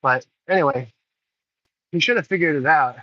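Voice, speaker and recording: A middle-aged vlogger tells a story outdoors in the rain, angry and swearing freely. His voice is on the high side at a moderate pace, and the recording is dry, with a dull lo-fi sound.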